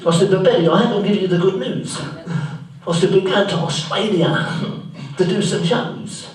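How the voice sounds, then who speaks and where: A man's voice: high voice, normal speed, natural voice. A man playing a bumbling, well-meaning, accident-prone man, telling a rambling comic story live on stage. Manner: naive, earnest, rambling storytelling full of mishaps. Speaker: stand-up tribute performer. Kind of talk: live comic monologue in character. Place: theatre stage. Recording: very echoey live room, mic far off.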